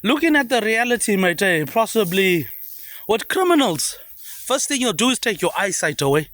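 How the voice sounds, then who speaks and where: Kiwi guy ranting on and on, high voice, lots of ups and downs, keeps saying mate eh. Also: very animated, normal speed, fairly bright tone, no room sound. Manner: repetitive, trailing "mate, eh" tags dropped low. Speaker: vlogger. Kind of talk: rambling monologue.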